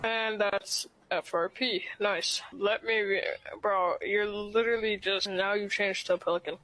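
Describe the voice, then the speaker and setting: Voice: medium pitch, fairly even intonation, a little slow. A player scolding another player mid-game in an exasperated, lecturing way. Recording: loud background noise.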